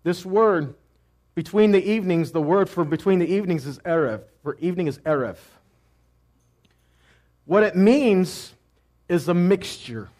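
A man teaching a sermon who asks questions and answers them himself, moving between loud cries and quiet asides. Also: high voice, expressive, measured pace, pauses often. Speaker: messianic teacher.

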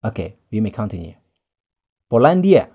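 An English teacher, running a pronunciation lesson, repeating each word slowly and emphatically, with playful chatty asides. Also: mid-range voice, sing-song, dark tone, muffled recording. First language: Indonesian. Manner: slow, emphatic repetition of words. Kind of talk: pronunciation lesson, drilling words.

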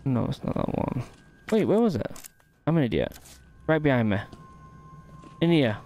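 A man's voice: mid-range voice, very animated, moderate pace, dark tone. A man giving gameplay commentary, thinking aloud and muttering to himself as he works out puzzles. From United Kingdom. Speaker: gaming channel host.

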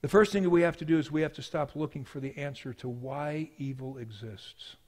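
A man preaching a sermon as pastor, telling a story with swings from hushed to loud. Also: on the high side, brisk.

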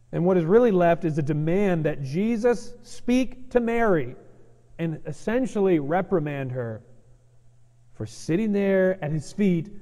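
A man preaching a sermon to his congregation in an earnest, emphatic way that moves between loud, urgent passages and soft, gentle ones. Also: fairly high pitch. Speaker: pastor. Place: church sanctuary. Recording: long church reverb.

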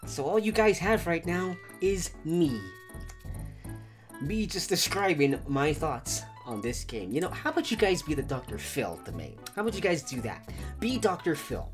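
A hoarse man hosting casual let's-play commentary, venting dramatically and animatedly on a voice call. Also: sits high. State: hoarse, sore throat. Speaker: main host of a gaming channel.

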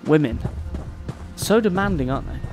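A man's voice: fairly high pitch, expressive, moderate pace. A man giving playful, joking commentary while playing a video game. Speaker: gaming channel host. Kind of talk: let's-play commentary. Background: game music.

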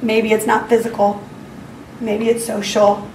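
Unhurried and a little mellow, a woman in her forties with a slightly high voice and level tone shares an earnest faith story with parents at a school parenting talk. She acts out her own prayers with growing emotion, heard from a distance in an echoey school hall with faint ambient noise.

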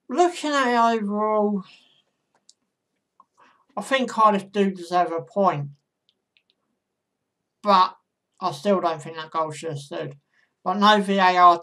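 A woman's voice: mid-range voice, a bit bright. A woman vlogger giving casual football predictions in a chatty monologue, talking straight to her viewers.

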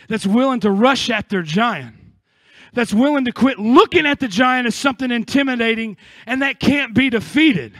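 A man's voice: very high voice, moderate pace, fairly bright tone, no echo, clean studio sound. A man from the United States, a pastor preaching an impassioned sermon with joking asides.

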